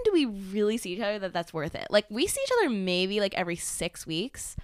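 An animated young woman rambles through a casual chat, talking expressively. Her voice is bright and crisp. It is recorded close and dry. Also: medium pitch, fairly quick, few pauses, no room sound.

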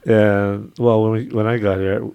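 Older man, Hawaiian accent, radio host, gravelly low voice. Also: little pitch movement, unhurried, dry recording, lo-fi sound. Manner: chatty, laughs easily, imitates local sayings. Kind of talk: casual radio chat.

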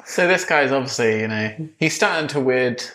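Lively improv storyteller. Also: mid-range voice, normal speed.

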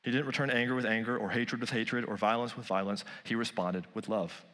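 A male pastor preaching a sermon, rising loud on key points and dropping soft on others. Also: on the low side, steady tone, brisk, big-room sound.

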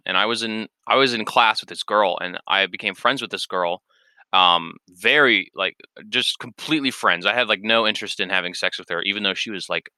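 A young man tells a long personal story in a loose, rambling way, full of fillers and swearing. His voice sits a little low but sounds very bright and crisp. It is recorded close up in a dry, dead space. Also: dry recording. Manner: rambling, candid, profane, many fillers. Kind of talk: casual storytelling.

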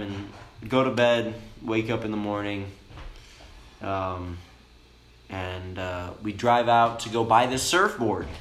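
A young man, a bit high, telling a long profane story in a rambling, laid-back way inside a camper van. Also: a bit bright. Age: young adult. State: high on cannabis. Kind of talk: casual storytelling chat. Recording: roomy with faint noise.

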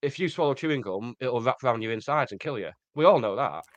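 A man's voice: medium pitch, animated, fast, dry recording. A man co-hosting a comedy podcast, chatting casually with wry, sarcastic quips. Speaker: podcast co-host.

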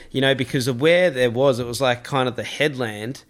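A man's voice: mid-range voice, fairly even intonation, fairly quick. A man hosting a casual chat, telling a laid-back story with some swearing.

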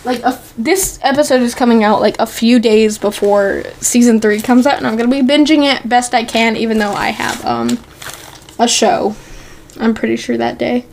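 A woman with a notably high voice chats casually as a podcast co-host. Her talk is loose and giggly, full of "like" and "um". She keeps an easy, unscripted flow. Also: creaky, slight background noise. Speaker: podcast co-host recapping a TV episode. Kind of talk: casual chat.

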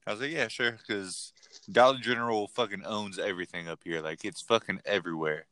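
A man's voice: sits low, steady tone, brisk, fairly bright tone, no room sound. A young man co-hosting a podcast, telling a rambling, profane story in casual chat. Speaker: podcast co-host.

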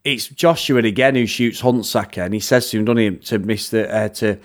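A man's voice: on the low side, brisk. A man co-hosting a film review podcast in casual chat. He retells scenes at length, swears freely and laughs often. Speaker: podcast co-host reviewing films.

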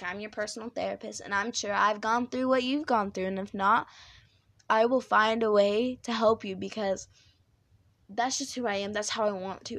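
A young woman hosting a podcast, talking candidly in a rambling monologue with a high-pitched, squeaky voice. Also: no echo. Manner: candid, rambling with fillers and restarts. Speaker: podcast host.

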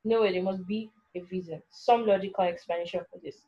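A woman reads a first-person story aloud, anxious and full of self-questioning, at an ordinary mid pitch. The recording is dull and lo-fi, with muted highs. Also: fairly even intonation, fast talker, dark tone. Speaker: narrator.

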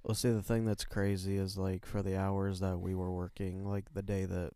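A young man co-hosts a podcast in easygoing, meandering chat, swearing freely. His voice is low, soft and smooth. The sound is dry and close. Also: monotone, moderate pace, dry recording. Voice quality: soft, soothing voice. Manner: laid-back, rambling, swears often. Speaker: podcast co-host. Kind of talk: casual chat.

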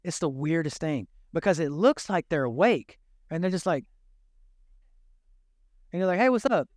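A man's voice: on the high side, moderate pace, no echo, clean studio sound. An older man, a grandfather and pastor, preaching a sermon in a conversational, joking way. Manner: conversational, jokey, animated preaching.

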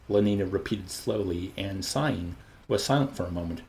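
A man narrating an audiobook in an expressive, measured reading. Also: low voice, creaky, slight background noise. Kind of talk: scripted narration.

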